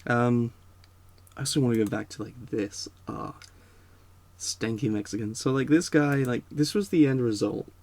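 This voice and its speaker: A man's voice: medium pitch, moderate pace, darkish tone. A man giving a casual, rambling spoken rant, full of fillers and restarts. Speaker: video creator.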